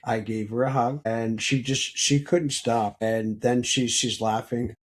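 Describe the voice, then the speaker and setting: A man with a husky, breathy voice of ordinary pitch shares a personal story on a podcast. He talks earnestly and haltingly, often restarting his sentences. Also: fairly even intonation. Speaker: podcast guest.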